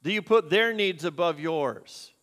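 A man's voice: on the high side, unhurried, fairly bright tone. A man preaching a sermon as a pastor, earnest and conversational, asking the congregation questions. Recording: long hall reverb.

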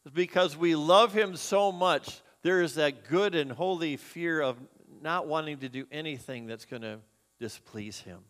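A man's voice: a little high, a little slow, a bit bright. A man preaching a sermon as a pastor, earnest and conversational, asking the congregation questions. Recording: long hall reverb.

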